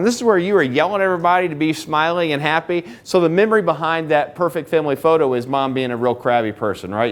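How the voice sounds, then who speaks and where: Middle-aged guy talking to a room of couples, chatty, jokey, lots of stories about his family. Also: a little high. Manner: conversational, joking, full of personal anecdotes. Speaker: marriage seminar speaker. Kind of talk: live talk to an audience.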